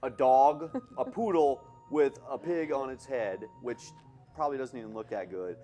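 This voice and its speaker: A man's voice: mid-range voice, expressive, normal speed, dark tone, faint music behind. A man casually commentating while he plays a game, chatty and self-mocking, laughing often. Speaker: game runner at a charity marathon.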